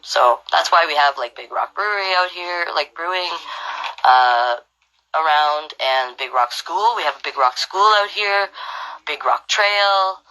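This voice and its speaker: A woman's voice: low-pitched, unhurried, sharp tone, poor audio. A woman hosting a storytime, reading a picture book aloud and adding chatty, friendly asides. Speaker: storytime host.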